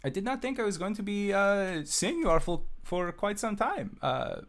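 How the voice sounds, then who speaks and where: A woman's voice: mid-range voice, big pitch swings, normal speed, pitched above the performer's own voice. A man voicing a brash, cocky woman who runs a gang, in a tabletop game.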